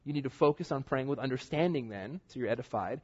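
A man's voice: medium pitch, expressive, quick pace, husky. A middle-aged man preaching a sermon in a church as pastor, earnest and conversational, with casual asides. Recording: dull lo-fi church recording.

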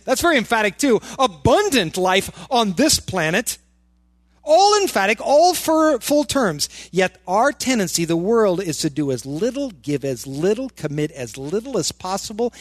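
A man's voice: high-pitched, a bit bright, dry recording, studio quality. A male pastor preaching a sermon in church, firing rhetorical questions and repeating words for emphasis.

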